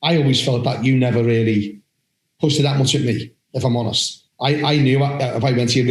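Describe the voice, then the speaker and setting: A man co-hosting a podcast, telling blunt, animated stories and swearing now and then in casual chat. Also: mid-range voice, fairly quick. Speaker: referee podcast co-host. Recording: roomy echo.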